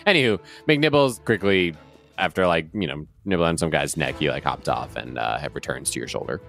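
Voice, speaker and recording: A man's voice: very deep voice, lively intonation, brisk, vocal fry, a bit bright, faint music behind. A man narrating as game master for a tabletop game, loose and laughing, with many fillers.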